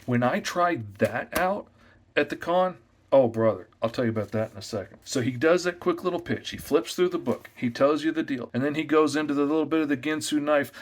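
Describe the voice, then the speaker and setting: A comic artist, a man, giving sales tips in a loud, energetic, chatty way. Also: fairly high pitch, a little fast. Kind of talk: casual tips talk to camera.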